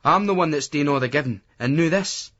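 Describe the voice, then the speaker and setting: A man's voice: fairly high pitch, animated, a little fast, fairly bright tone, muffled recording, pitched above the performer's own voice. A man with a Scottish accent voicing a brash young lad who rants and swaggers. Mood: ranting. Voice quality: ranting, swaggering.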